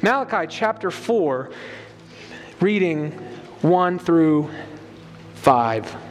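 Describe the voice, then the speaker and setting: A man's voice: a little high, sing-song, very slow, a little hiss or hum. A man preaching a sermon, explaining a Bible passage emphatically and reading scripture aloud to his congregation. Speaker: pastor. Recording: long hall reverb.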